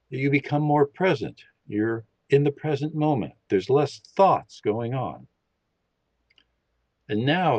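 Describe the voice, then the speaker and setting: Calm man guiding a meditation, dull sound. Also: medium pitch, slightly rough, no echo. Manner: calm, slow, instructive. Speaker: podcast guest leading a meditation. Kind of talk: guided meditation instruction.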